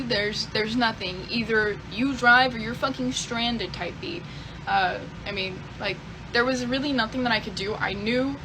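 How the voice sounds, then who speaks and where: This storyteller's voice is a little high, with noise in the background. Casual and profane, the young woman rambles through a confessional story, dropping fillers such as "type beat" along the way.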